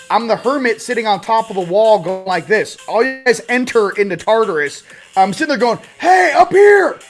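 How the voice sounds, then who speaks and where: A man in his forties hosting a casual spiritual talk, rambling and animated, sometimes swearing. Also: sits high. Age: 40s. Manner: rambling, animated, swearing, acts out quoted voices.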